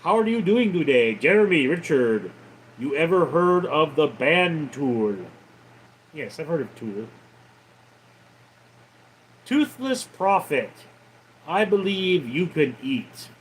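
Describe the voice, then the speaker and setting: A man hosting a casual livestream, reading viewer comments aloud and answering with sarcastic, deadpan replies. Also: fairly high pitch, slow, pauses often, a little hiss or hum, rough recording. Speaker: livestream host reading chat.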